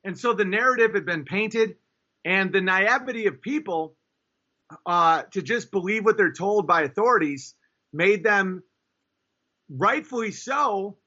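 A man from New York State talking as a guest in a casual conversation, rambling and emphatic, often slipping into high mocking voices to mimic others. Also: lively intonation, a little slow, pushed and bright, highs cut off. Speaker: guest, stand-up comedian.

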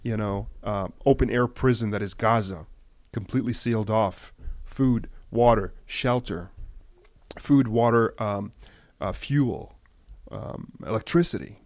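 Impassioned man speaking gravely. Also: lowish voice, no room sound. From United States. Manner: impassioned, emphatic, slowing to a hushed, grave tone. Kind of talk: impassioned news commentary.

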